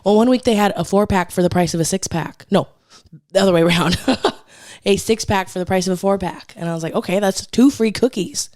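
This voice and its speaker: A woman's voice: mid-range voice, brisk, a little mellow, no room sound. A woman co-hosts a casual podcast, spinning gossip in a chatty, loose way. Her voice sits in a middle register. The sound is dry and close, with no room around it. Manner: chatty gossipy storyteller, swears freely. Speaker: podcast co-host. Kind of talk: casual chat.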